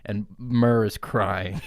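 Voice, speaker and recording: A man co-hosting a comedy podcast, telling an improvised crude story with laughter and lively swearing. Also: fairly low pitch, drawn-out words. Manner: crude, laughing, animated riffing. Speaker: podcast co-host.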